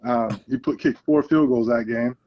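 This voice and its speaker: A man's voice: medium pitch, normal speed, muffled recording. A man, a guest and football coach, telling stories in a casual interview and acting out the lines people said. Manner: animated storyteller, acts out quoted lines.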